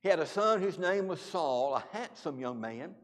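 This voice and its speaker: A man preaching a sermon in a church, earnest and halting, with frequent restarts. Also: a little high, animated. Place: church auditorium. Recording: church hall reverb.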